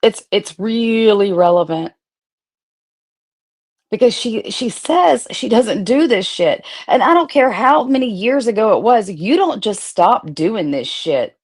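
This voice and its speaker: A woman's voice: fairly high pitch, sing-song, unhurried, hardly any pauses, husky. A woman hosting a casual livestream, talking bluntly and swearing freely as she addresses her viewers directly. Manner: blunt, profane, talks straight to viewers. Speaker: streamer host.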